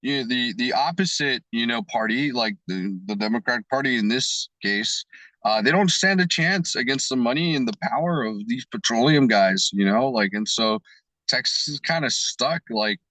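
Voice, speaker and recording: A man co-hosting a casual podcast, laying out his points earnestly and leaning on fillers as he goes. His voice sits at an ordinary pitch, and the recording is dry and close. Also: moderate pace, pushed and bright, no room sound, rough recording. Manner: earnest, explaining, many fillers. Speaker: podcast co-host.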